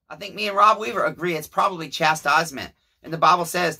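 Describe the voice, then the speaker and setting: Husky Southern man rambling in his shed. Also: on the high side, fast talker, hardly any pauses. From Tennessee, US. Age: 30s. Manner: profane, preachy, animated. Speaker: channel host. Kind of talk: rambling storytelling vlog. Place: small shed workshop.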